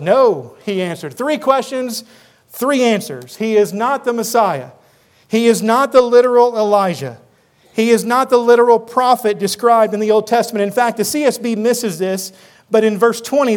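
A man preaching a sermon as pastor in a church, earnest and slowing down to stress key words. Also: high-pitched. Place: church sanctuary.

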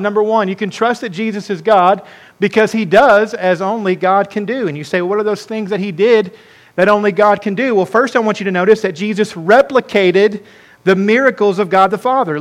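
A man's voice: sits high, a little fast. A male pastor preaching a sermon to his congregation, emphatic and repeating words for emphasis. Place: church sanctuary.

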